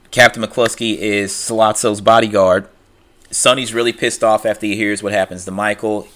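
A man talks through a film's story in an easygoing, rambling way, dropping fillers and quoting characters in his own voice. His voice sits a bit low, with a bright, forceful edge. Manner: loose retelling with many fillers and "he's like" quotes. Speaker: film recapper. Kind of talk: casual spoken film recap.

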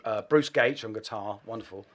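A man, a guest musician, telling anecdotes in an animated, self-deprecating way, with plenty of swearing. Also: fairly low pitch, moderate pace. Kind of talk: anecdotal storytelling.

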